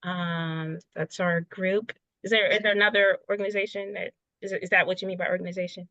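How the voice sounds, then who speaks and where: A woman's voice: on the low side, flat delivery, brisk, pushed and bright, dry recording. Woman on dull, dry laptop audio. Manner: apologetic, hesitant. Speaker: community group member. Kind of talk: self-introduction on a video call. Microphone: laptop on video call.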